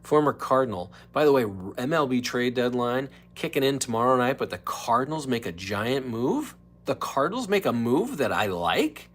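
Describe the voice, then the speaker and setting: A man hosting his own livestream podcast, rambling casually between topics and slipping into quick impressions. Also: medium pitch, very animated, breathy edge. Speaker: podcast host. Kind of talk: casual solo livestream chat.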